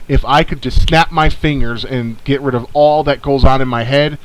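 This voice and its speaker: A man's voice: medium pitch, steady tone, normal speed, poor audio. A man from the northern United States co-hosting a podcast, ranting and rambling with heavy swearing. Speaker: podcast co-host. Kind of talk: casual podcast chat.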